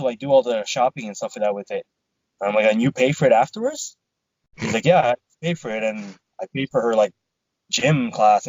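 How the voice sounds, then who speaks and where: A man's voice: medium pitch, no room sound, highs cut off. A man co-hosting a podcast, casually telling a story with lots of swearing and quoted back-and-forth. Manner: swears a lot, animated retelling with quoted dialogue. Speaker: podcast co-host.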